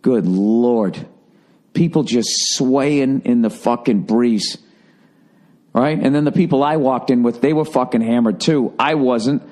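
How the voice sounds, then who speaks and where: This is a man with a medium-pitched voice and measured pace, hosting a podcast. Originally from the Boston area, he spins a meandering, foul-mouthed story in casual monologue, turning animated as he quotes people.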